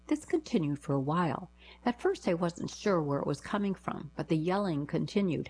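A woman's voice: low-pitched, lively intonation, moderate pace, darkish tone, slightly rough, rough recording. A woman reading short first-person anecdotes aloud, giving quoted lines a lift in her voice.

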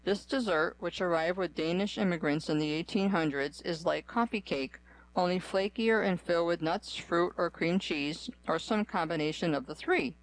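A reader on a radio reading service, working through a magazine article aloud in an even, measured way with pauses between items. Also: mid-range voice, no echo, poor audio.

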